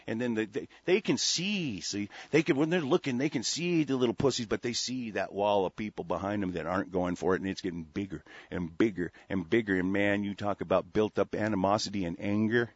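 A man hosts a radio show, firing off a combative, profanity-heavy rant. His voice is husky and set at a middling pitch. The recording is dry and dull, with a lo-fi broadcast quality. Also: dry recording. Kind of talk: heated monologue on internet radio.

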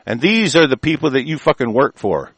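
A man giving angry, profane ranting commentary in reaction to the news, with shouted bursts and many halting fillers. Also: medium pitch, sing-song, husky, no room sound, poor audio.

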